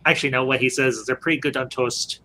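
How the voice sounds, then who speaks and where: Man, stream host, bright voice, faint background hum, jokey casual chat, laughs a lot. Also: mid-range voice, fairly even intonation, fast talker. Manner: joking, laughs often, greets viewers.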